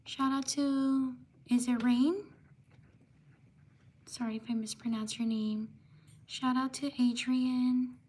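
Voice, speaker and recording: A woman hosting a live stream, reading out viewer names one by one with quick apologies for mispronouncing them. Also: sits high, steady tone, darkish tone. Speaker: livestream host.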